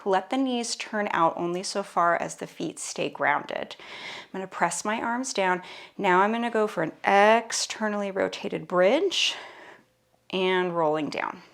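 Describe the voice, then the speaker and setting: This woman speaks a little slowly with vocal fry at a medium pitch, leading a Pilates mat session as instructor. She performs the exercises alongside her casual, playful cues and is sometimes out of breath.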